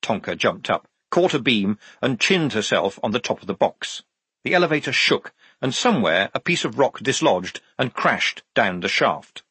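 A male audiobook narrator telling the story with lively expression. His husky voice roams widely in pitch, and the recording is dry and close with no room sound. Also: moderate pace, no room sound. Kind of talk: scripted narration.

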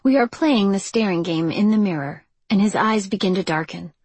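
A woman narrating a first-person romance audiobook in an expressive, breathy style. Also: medium pitch, moderate pace, no room sound.

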